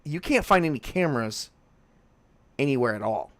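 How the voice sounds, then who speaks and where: A man's voice: medium pitch, animated, normal speed, no room sound. A man narrating a tabletop horror game as game master, in a casual way with frequent restarts.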